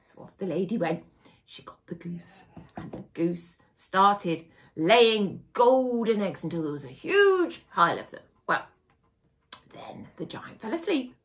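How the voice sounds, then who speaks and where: Expressive woman telling a children's story. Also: medium pitch, unhurried. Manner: expressive, dramatic, hushed asides.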